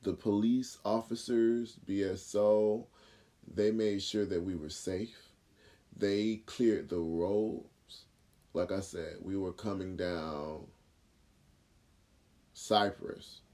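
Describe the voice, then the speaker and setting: Low, mellow-voiced man telling a story. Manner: animated retelling with acted quotes and filler words. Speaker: podcast host. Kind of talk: casual storytelling monologue.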